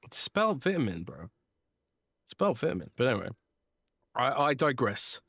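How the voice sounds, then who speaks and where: Joking, lively podcast co-host man. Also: mid-range voice, moderate pace, no echo, clean studio sound. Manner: joking, swears freely, laughs a lot. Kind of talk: casual podcast chat with ad read.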